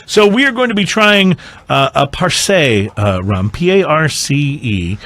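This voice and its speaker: A man's voice: fairly high pitch, very animated, unhurried, a bit bright. A man hosting a casual tasting podcast, talking in a meandering way with many fillers. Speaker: podcast host.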